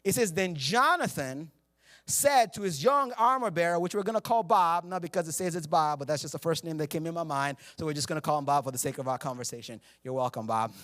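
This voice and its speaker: Joking high-voiced pastor preaching. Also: male voice, fast talker, few pauses. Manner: joking, conversational, laughs at himself. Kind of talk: humorous sermon. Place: church sanctuary.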